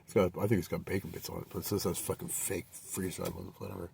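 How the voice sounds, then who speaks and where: A man's voice: low voice, flat delivery, fast talker, creaky, a little mellow, distant mic, slight background noise. A man telling a rambling, profanity-filled personal story with many fillers and restarts.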